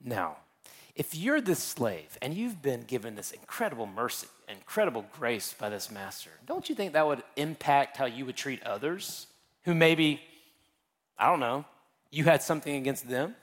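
A man preaching a sermon in a conversational, joking way, speeding up and slowing down as he explains. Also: on the high side, fairly bright tone, long reverb tail. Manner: conversational and joking, with big swings in pace. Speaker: pastor.

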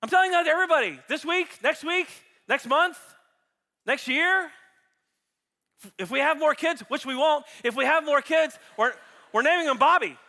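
High bright-voiced male preacher in hall. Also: moderate pace. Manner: animated, jokey, acts out illustrations. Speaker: pastor. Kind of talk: sermon. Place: church hall with a congregation. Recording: reverberant hall.

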